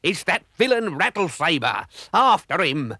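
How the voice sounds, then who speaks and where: A blustering, clumsy old pirate captain who roars every line, as a male narrator puts him on. The voice sits well above the reader's own and swings widely, with a gruffer, altered tone. It stays close and dry in the way of a storybook cartoon. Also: a little high, sing-song, a little slow, pushed and bright, no echo, pitched above the performer's own voice, heavily acted. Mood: roaring. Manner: roaring, bellowing exclamations.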